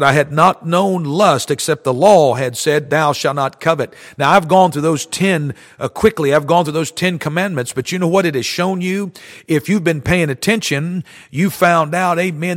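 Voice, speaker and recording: Man, preacher, fervent sermon, frequent amens, slightly high voice, long reverb. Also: a bit bright.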